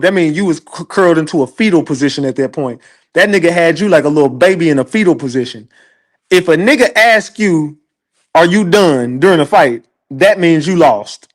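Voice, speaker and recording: A man hosting an online show, giving casual livestream commentary in an animated, profane, laughing storyteller's way. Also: fairly high pitch.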